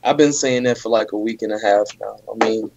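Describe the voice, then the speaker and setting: A man co-hosting a casual sports talk show, explaining his reasoning in a measured, plain way. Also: on the low side, gravelly, darkish tone, no echo. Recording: dry, dull lo-fi audio.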